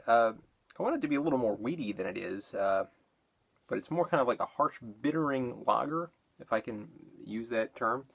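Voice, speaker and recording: A man's voice: medium pitch, slightly rough. A man casually reviewing a beer, rambling with fillers and self-corrections, a little out of breath after exercise.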